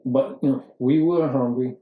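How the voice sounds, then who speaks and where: Woman playing a gruff Brooklyn tough guy. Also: rumbling low, fairly even intonation, moderate pace, narrow, tinny audio. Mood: indignant. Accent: put-on New York (Brooklyn). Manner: gruff, blustering, broken grammar. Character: brash Brooklyn tough-guy husband, middle-aged man. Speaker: podcast co-host in character. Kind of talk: improvised comedy sketch. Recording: roomy echo.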